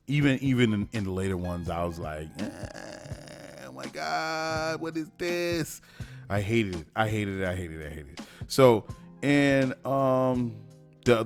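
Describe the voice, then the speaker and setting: A man hosting a podcast, giving opinionated solo commentary with many fillers and restarts. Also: on the low side. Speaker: podcast host.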